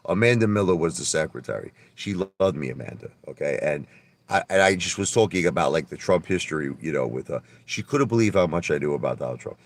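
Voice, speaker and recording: A man hosting a livestream, telling boastful stories in a brash, animated way, often stammering and repeating his words and swearing a little. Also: a bass voice, fast talker, no room sound. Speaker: livestream host. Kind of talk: casual livestream monologue.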